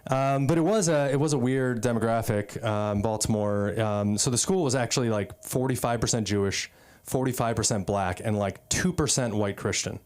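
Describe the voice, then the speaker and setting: Guy doing stand-up at an open mic, rambly, lots of ums and likes, mid pitch. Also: normal speed, a little mellow. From East Coast of the US. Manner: loose, rambling delivery with many fillers and asides. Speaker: stand-up comedian. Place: comedy club stage.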